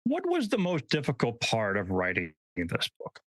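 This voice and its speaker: A man's voice: mid-range voice, huge pitch swings, normal speed, fairly bright tone, no room sound. A man co-hosting an interview, asking loose questions full of fillers. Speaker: podcast co-host.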